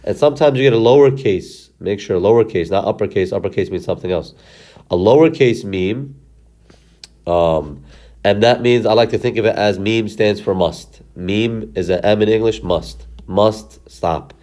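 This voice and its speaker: A lower-voiced man teaching Quran recitation. He walks his viewers through each step patiently, pausing to ask "okay?" before moving on. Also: mellow. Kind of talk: instructional explanation with recitation. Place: recorded lesson video.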